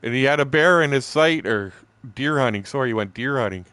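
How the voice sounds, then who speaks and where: A man's voice: medium pitch, expressive, fairly quick, bright, forceful tone, no room sound. A man in his sixties from southern Ontario with a Canadian accent, chatting loosely and profanely while streaming a fishing game, laughing often. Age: 60s. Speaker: gaming streamer. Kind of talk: casual storytelling while gaming.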